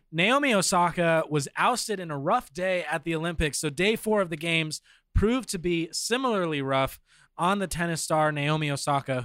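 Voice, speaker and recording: On a podcast, a male co-host talks through sports news, musing aloud and reading from notes with frequent fillers. His voice is bright, forceful, clear and resonant, a little high for a man, and the sound is dry and close with no echo.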